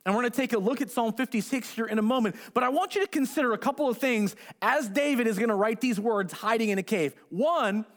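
A man's voice: extremely high pitch, fast, few pauses. A man preaching a conversational sermon as pastor, retelling a story in casual words and briefly acting out the quoted voices.

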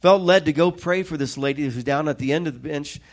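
A middle-aged man preaching a sermon, telling stories with lively quoted voices. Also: fairly high pitch, a little fast. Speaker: pastor.

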